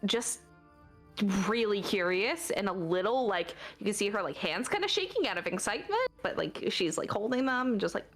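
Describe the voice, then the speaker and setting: A woman's voice: medium pitch, big pitch swings, normal speed, faint music behind. A woman narrating a tabletop game as game master, in a chatty style full of fillers.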